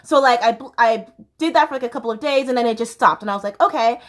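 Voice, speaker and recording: A young American woman talks straight to her viewers in a bubbly, chatty vlog style. Her voice sits high and bright. She laughs easily, and her talk is full of little fillers. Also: fast talker. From United States. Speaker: YouTube host.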